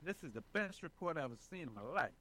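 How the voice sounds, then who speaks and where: A man being interviewed as a residents' advocate, talking in an animated, emphatic way and often checking in with the listener. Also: on the high side, quick pace, rough recording. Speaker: senior residents' advocate, guest. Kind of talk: casual interview talk.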